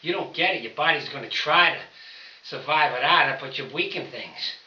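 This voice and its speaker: An older man talks loosely and folksily to his viewers about training and eating right, voice bright and a bit sharp. He sits back from the camera in an echoey room, and the sound comes through dull and lo-fi. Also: on the high side, moderate pace. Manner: rambling, folksy, talks straight to viewers as fellas. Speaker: home powerlifting vlogger. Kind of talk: casual talk to camera while training. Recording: roomy, distant, dull camera audio.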